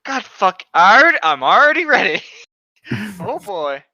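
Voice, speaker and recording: A young man co-hosting a casual podcast chat, sarcastic and quick with profane jokes, on a dull lo-fi mic. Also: high-pitched, very animated, pushed and bright, no echo. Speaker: podcast co-host.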